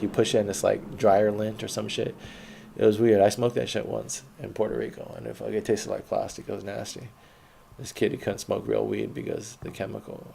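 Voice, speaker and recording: Gravelly, low-voiced man rambling profanely. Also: dark tone. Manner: profane, meandering, laid-back. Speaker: autobiographical podcaster. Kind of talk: rambling personal storytelling.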